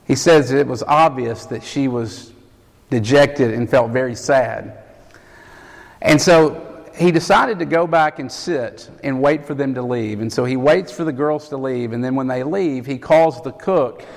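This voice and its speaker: Gravelly preacher telling a story. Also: male voice, mid-range voice, a little slow. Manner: animated storyteller, acts out quotes. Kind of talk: sermon storytelling. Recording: echoey hall.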